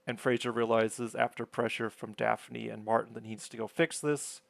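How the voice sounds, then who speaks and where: A man's voice: medium pitch, steady tone, normal speed, vocal fry, dry recording. Male recapper; casual, rambling, self-deprecating delivery, dry close sound. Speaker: episode recapper. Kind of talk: casual sitcom episode recap.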